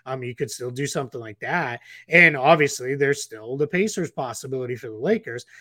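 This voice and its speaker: A man's voice: mid-range voice, brisk, sharp tone, dry recording, clean studio sound. A man co-hosting a casual basketball podcast, rambling with restarts and fillers. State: getting the hiccups. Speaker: podcast co-host analyst.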